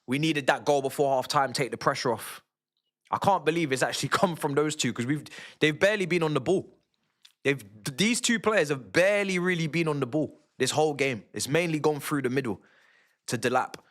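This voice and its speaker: A young man, giving excitable and slangy live commentary as he watches a football match with his stream. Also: on the high side, brisk. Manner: excitable, slangy, shouting at goals. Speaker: fan streamer.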